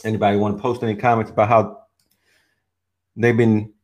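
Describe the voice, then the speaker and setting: A man hosting a podcast in casual chat, relaxed and profane, often restarting his sentences. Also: lowish voice, brisk. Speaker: podcast host.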